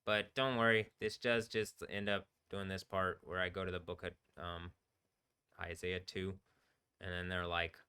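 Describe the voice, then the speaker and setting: A low-pitched man with a flat, unhurried, smooth delivery and a bright, forceful tone talks alone on a livestream. His talk is rambling and profane, punctuated by laughter, and comes through a computer microphone.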